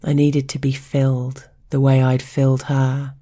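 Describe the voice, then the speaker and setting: A woman with a husky voice, narrating an intimate first-person story in a slow, stern, controlled way. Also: a bass voice, completely flat delivery, warm tone.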